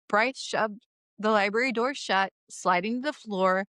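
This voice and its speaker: A woman's voice: medium pitch, a little slow, a bit bright, dry recording. A woman co-hosting a podcast, giving an irreverent, swearing chapter recap while close to tears. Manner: irreverent and swearing, often laughing through tears. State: emotional, close to crying. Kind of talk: casual podcast recap, reading a comic chapter summary.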